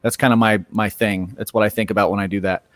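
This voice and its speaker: A man's voice: fairly low pitch, steady tone, fast talker, fairly bright tone. A male comics creator speaks on a panel in a loose, rambling way, full of restarts and fillers. The sound is dry and close, with no room echo. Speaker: comic book writer and artist on a panel. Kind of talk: casual panel talk.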